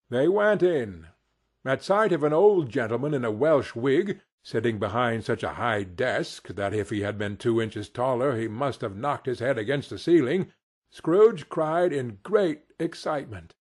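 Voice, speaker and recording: A man narrating an audiobook with expressive storytelling. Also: mid-range voice, breathy edge. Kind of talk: scripted narration.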